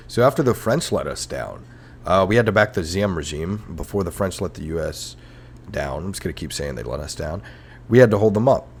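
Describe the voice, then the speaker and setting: Deep-voiced guy ranting about history on his podcast, swears a lot, goes off on tangents. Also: vocal fry, breathy edge. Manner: profane, rambling, sarcastic ranting. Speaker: podcast host. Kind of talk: comedic history podcast rant.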